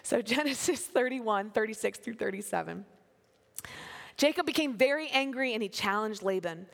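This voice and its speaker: A woman delivers a sermon with animated, playful energy, dropping into voices for the people in her story. Her voice sits a little high, and a long hall reverb trails every phrase. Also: moderate pace, creaky. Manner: animated, acts out biblical figures in playful voices. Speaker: preacher.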